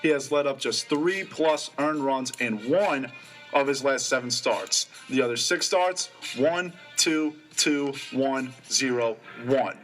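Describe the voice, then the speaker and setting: A young man co-hosting a college radio sports show, rattling off stats quickly and eagerly. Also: mid-range voice, a bit bright, faint music behind. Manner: quick, stat-heavy, enthusiastic.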